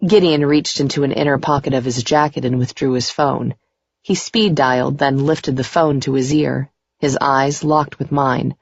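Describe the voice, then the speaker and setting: A woman narrating a first-person romance audiobook in a steady, unhurried reading voice. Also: rumbling low, dry recording. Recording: dry, dull muffled recording.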